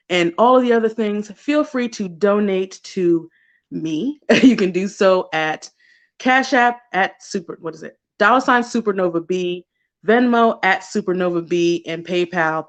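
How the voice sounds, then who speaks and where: A woman hosting a casual livestream, talking directly to the people watching. Her delivery is chatty and gushing, and laughter keeps breaking into her speech. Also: medium pitch. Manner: talks to chat viewers directly. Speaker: livestream host.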